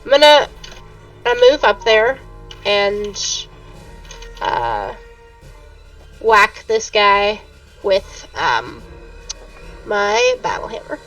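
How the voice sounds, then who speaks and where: A woman takes her turn in a tabletop game, speaking slowly and hesitantly, full of "uh" and "um". Her voice sits fairly high and rises and falls a lot. She is heard from a distance over a mic, with faint music behind her. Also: very animated, fairly bright tone, highs cut off. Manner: hesitant, filler-heavy, drawn out. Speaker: player.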